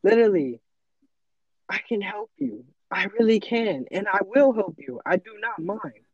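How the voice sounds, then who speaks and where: A man's voice: high voice, lively intonation, unhurried, slightly rough, muffled recording. A teenage boy in casual chat, earnest and motivational, often acting out his own inner voice. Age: teens. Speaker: podcast co-host.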